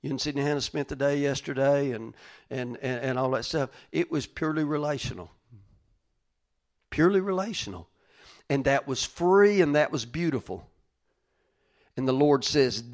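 An older man, preaching in a conversational style, calling listeners by name and moving between loud rises and quiet asides. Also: medium pitch, animated, normal speed, long pauses. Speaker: pastor. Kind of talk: conversational sermon.

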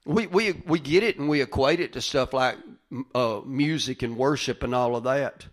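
An older man, preaching in a conversational style, calling listeners by name and moving between loud rises and quiet asides. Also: mid-range voice, moderate pace. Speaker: pastor. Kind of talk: conversational sermon.

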